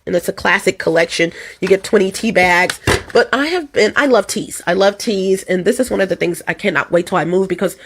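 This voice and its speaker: Hoarse rambling woman vlogger. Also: mid-range voice. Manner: rambling and repetitive, addresses viewers as "you guys". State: hoarse from allergies and a cold. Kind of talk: casual chat to camera. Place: at home.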